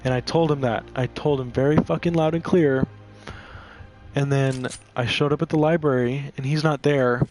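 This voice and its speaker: A man's voice: medium pitch, steady tone, moderate pace, a little mellow. Man, casual gaming chatter, rambling and swearing, filler-heavy, faint music behind. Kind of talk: casual storytelling while gaming.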